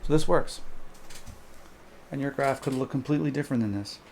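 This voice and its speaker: A man's voice: medium pitch, brisk, darkish tone, slight background noise. A man teaching calculus in a recorded homework walkthrough, thinking aloud as he sketches graphs and corrects himself. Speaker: math teacher.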